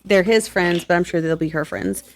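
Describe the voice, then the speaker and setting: A woman co-hosting a casual podcast, loud and quick to laugh, talking about books with frequent pauses. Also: fairly low pitch, a little hiss or hum. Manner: loud, laughs a lot, hesitant with fillers. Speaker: podcast co-host. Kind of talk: casual chat.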